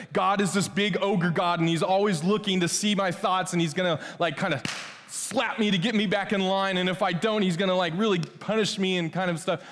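A man preaching a conversational sermon as pastor, swinging between loud emphasis and hushed, tender passages. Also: on the high side. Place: church sanctuary. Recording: long hall reverb.

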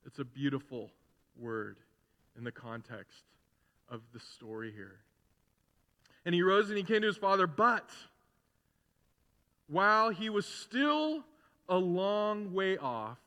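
Speaking in a large hall, this pastor has a high voice, a slow pace, and long pauses. His sermon is casual and conversational; he animatedly acts out the characters while retelling a story, with asides along the way.

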